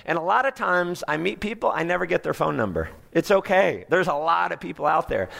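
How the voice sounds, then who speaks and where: Gravelly, animated seminar speaker, male. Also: on the high side. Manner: animated, coaxing, acts out quick dialogues. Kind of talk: live motivational sales talk to an audience.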